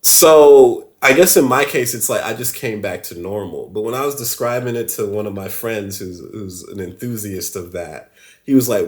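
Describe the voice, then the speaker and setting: A man telling a story on a podcast, animated and laughing often, swearing casually. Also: lowish voice, normal speed. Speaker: podcast guest.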